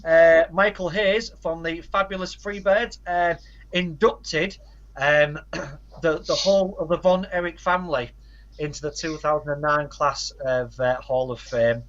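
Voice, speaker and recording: A man with a somewhat high voice co-hosts a casual podcast chat, rattling off facts and titles and slipping in dry asides. The audio is dull and lo-fi. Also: fairly even intonation, measured pace, a bit bright. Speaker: podcast co-host.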